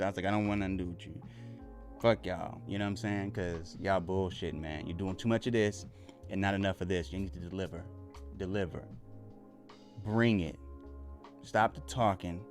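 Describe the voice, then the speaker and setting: Animated man ranting on a live stream. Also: on the low side. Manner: animated, laughing, swearing, loud whoops. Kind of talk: casual live reaction stream chat.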